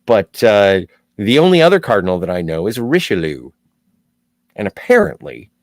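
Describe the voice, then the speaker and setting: A man's voice: on the low side, sing-song, normal speed, a little mellow, dry recording. A man from Southern Ontario hosting a casual livestream, reading viewer chat aloud with playful jokey asides. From Southern Ontario, Canada.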